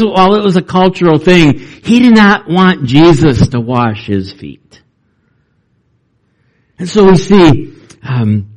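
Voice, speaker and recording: A man preaching a sermon as pastor, reading scripture and talking it through with lively emphasis. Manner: animated, acts out quoted voices with rising pitch.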